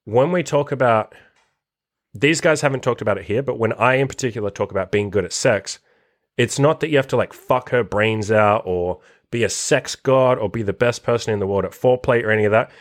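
A man's voice: mid-range voice, brisk. A man hosting a casual podcast monologue, blunt and profane, swearing constantly as he reacts to a list. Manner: animated, reacting to a written list. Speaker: podcast host and dating coach.

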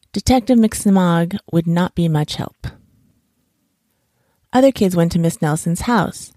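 A woman reading a children's bedtime story aloud for her podcast in a calm, even way. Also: on the low side, slow pace, long pauses, no room sound, clean studio sound.

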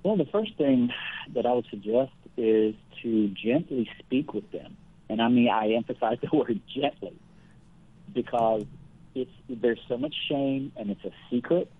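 Husky man on a thin, phone-like line. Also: medium pitch. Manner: earnest, measured, explains with everyday examples. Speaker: guest counselor. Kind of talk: conversational interview.

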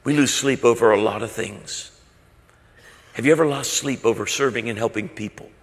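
A man's voice: medium pitch, moderate pace, long reverb tail. A man preaching a sermon, telling stories with rising passion. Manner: storytelling, impassioned. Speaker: pastor.

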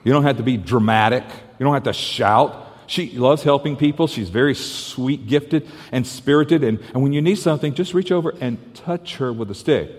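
A man preaching a sermon, earnest and repetitive, dropping to softer tones as he tells a parable. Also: medium pitch, normal speed, few pauses. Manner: earnest, repeats and restarts, drops to soft tones for the story. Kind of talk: sermon with storytelling. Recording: reverberant church hall.

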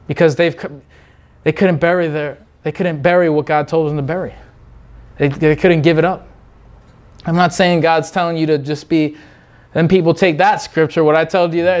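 A male preacher with a high, light voice, delivering an unscripted sermon. He talks with fervent insistence, circling back to his points again and again. Now and then he slips into short imitations of other people before returning to his own urging.

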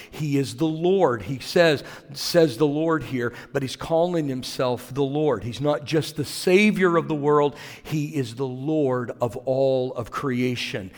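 A man's voice: medium pitch, a little mellow. A man preaching a sermon as pastor, talking in a conversational way with asides to the congregation. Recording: long reverb of a large hall.

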